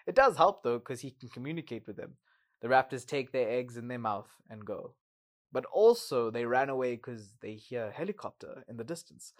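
A man's voice: mid-range voice, animated, normal speed. A man hosting a podcast, recapping a movie in a casual, sarcastic way with exasperated asides.

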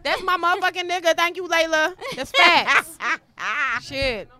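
A woman's voice: extremely high pitch, a little slow, heavy background noise. A woman telling a profane story in loose group chat, acting out both sides of the conversation. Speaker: panel guest. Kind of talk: loud casual group chat.

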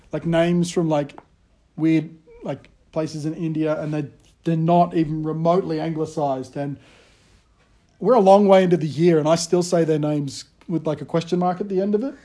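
A high-voiced pastor in his thirties, talking to his congregation like a friend. He tells stories against himself with animated energy. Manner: self-deprecating, animated storytelling. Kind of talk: casual conversational sermon.

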